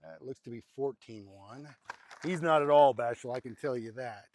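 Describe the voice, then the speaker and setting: A man of middle pitch talks to the camera outdoors by a cattle pen, rambling in an easygoing way. Between remarks to the viewer he drops into soft, coaxing murmurs for the animals. A nearby camera mic picks him up. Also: normal speed, a little hiss or hum. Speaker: homestead vlogger. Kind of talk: casual narration to camera while feeding cattle. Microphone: handheld or nearby camera mic.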